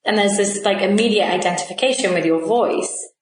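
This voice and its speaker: A woman's voice: mid-range voice, a little fast. A woman with an English accent, co-hosting a podcast and reflecting at length in casual conversation. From London. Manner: reflective, talks in long winding sentences. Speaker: podcast co-host. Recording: echoey room, faint noise.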